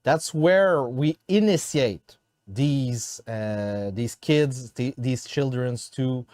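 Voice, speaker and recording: Man, French accent, non-native English, halting word search, dry close sound. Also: medium pitch, a little mellow, dry recording. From France. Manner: halting, many fillers and restarts while searching for words. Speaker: host. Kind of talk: interview questions in a second language.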